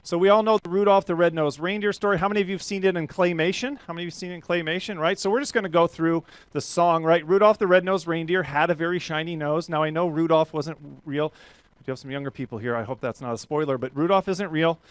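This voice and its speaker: A middle-aged man delivers a motivational keynote to a live audience, keeping the energy up with rhetorical questions. His voice sits a little high and stays smooth and crisp. The sound is close and dry, with almost no room echo. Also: fast talker. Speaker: professional speaker. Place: event stage before a live audience.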